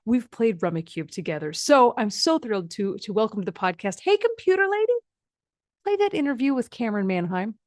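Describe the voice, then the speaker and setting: A woman's voice: fairly high pitch, very animated, a little fast, no room sound, clean studio sound. A woman hosting a podcast, chatting casually and playfully with frequent laughter. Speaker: podcast host. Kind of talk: casual interview chat.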